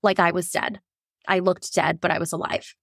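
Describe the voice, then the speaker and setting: A woman's voice: fairly low pitch, little pitch movement, moderate pace, gravelly, no room sound, studio quality. A woman guest frankly telling a painful personal story, emotional and laughing through hard moments. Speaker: guest sharing her birth story.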